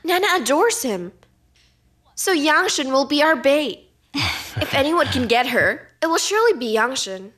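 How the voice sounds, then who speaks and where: A self-assured schemer in a dubbed drama, smug and calculating as she lays out a plan. Her voice sits high. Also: sing-song, measured pace, a bit bright, heavily acted. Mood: scheming. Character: scheming, self-assured woman plotting behind others. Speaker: dub actor.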